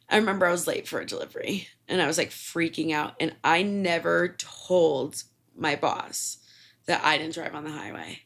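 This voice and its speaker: A young woman podcast host swearing freely as she rambles through stories and laughs at herself. Her low voice has a gravelly edge and swings widely in pitch, and her casual talk is full of fillers. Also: a bit bright. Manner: rambling, profane, self-mocking, with frequent fillers. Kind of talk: casual storytelling monologue.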